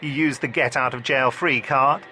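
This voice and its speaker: A man voicing a cheeky, quick-talking young female companion in an audio story. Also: mid-range voice, fairly even intonation, sharp tone, a little hiss or hum, pitched above the performer's own voice. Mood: breezy. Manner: quick, breezy, joking.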